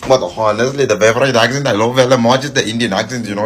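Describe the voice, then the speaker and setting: Nigerian man, brash comic monologue, quick delivery, faint music bed. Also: mid-range voice, fairly bright tone. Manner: brash, joking, slangy.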